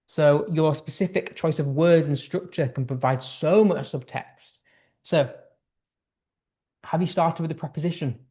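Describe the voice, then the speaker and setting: This young British tutor gives a chatty English writing lesson at a measured pace, his voice a little high but dark in tone. He leans on fillers and restarts and acts out the tones of his examples.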